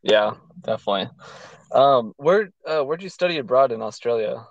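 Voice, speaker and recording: A man hosting a podcast who talks in a relaxed, agreeable way with frequent fillers. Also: mid-range voice, moderate pace, creaky, no echo. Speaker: podcast host. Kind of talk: casual chat. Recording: dull, dry lo-fi sound.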